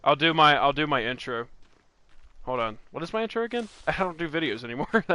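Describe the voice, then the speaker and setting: A man's voice: on the high side, expressive, a little fast, bright, forceful tone, no room sound. A young man hosting a gaming channel, chatting casually while he plays, rambling and laughing often as he restarts his sentences. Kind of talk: casual let's-play chat.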